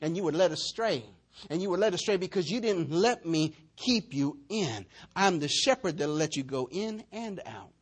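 Animated preacher with a lively voice. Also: male voice, sits high, normal speed. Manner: animated storytelling, swinging between shouts and near-whispers. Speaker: pastor. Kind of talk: sermon.

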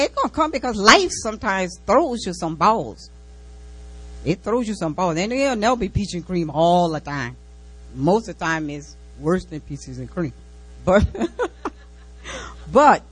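A woman's voice: mid-range voice, big pitch swings, measured pace, long pauses, fairly bright tone, husky, poor audio. A woman preaching an informal sermon and sharing a personal testimony, in a folksy way that repeats key lines and breaks into laughter between phrases. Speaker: church speaker giving a testimony.

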